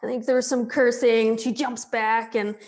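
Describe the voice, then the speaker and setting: A woman's voice: fairly high pitch, moderate pace. A woman guest on a podcast, telling a story casually with lots of laughter and filler words. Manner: animated, laughs often, many "like" fillers. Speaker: podcast guest, thru-hiker.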